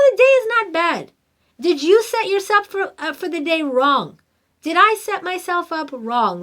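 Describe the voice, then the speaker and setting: A middle-aged woman hosting a podcast, telling a story in an animated, emphatic, conversational way. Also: high-pitched. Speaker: podcast host. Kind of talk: casual storytelling monologue.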